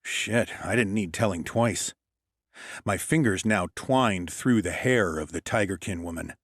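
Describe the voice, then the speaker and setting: A man's voice: deep voice, no echo. A man reading a first-person story as an audiobook narrator, in a cool, matter-of-fact delivery on a close mic.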